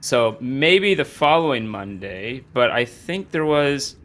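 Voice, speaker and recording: A man's voice: mid-range voice, sing-song, slow, a bit bright. A man hosting a game stream, wrapping up casually and easygoing. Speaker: stream host. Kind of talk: casual chat, stream sign-off.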